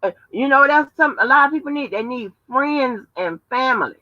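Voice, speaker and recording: A woman's voice: high-pitched, expressive, normal speed, bright, forceful tone, dry recording. A woman hosting a casual livestream from home, talking in a profane, emphatic, storytelling way. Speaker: livestream host. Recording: dull lo-fi livestream audio.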